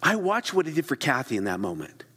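A middle-aged man preaching a sermon, telling stories with animated delivery and dropping into quiet whispered asides. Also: mid-range voice, fast talker, breathy edge. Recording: long reverb of a large hall.

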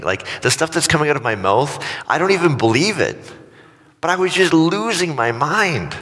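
A man's voice: medium pitch, animated, brisk, bright, forceful tone. A middle-aged man preaching a sermon, telling self-mocking stories in a casual, joking way. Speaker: pastor. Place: church hall. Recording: church hall with long reverb.

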